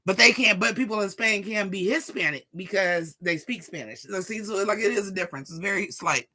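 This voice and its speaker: Vlogger, 40s, sassy profane rant to camera, crisp bright tone. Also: mid-range voice, brisk. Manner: profane, sassy, animated, talks straight to viewers.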